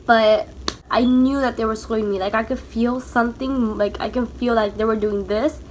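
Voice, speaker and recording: A woman's voice: fairly high pitch, fairly even intonation, moderate pace, slight background noise. A young woman vlogger chatting casually as she tells a personal story, full of "like", tearful at times. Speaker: mom vlogger.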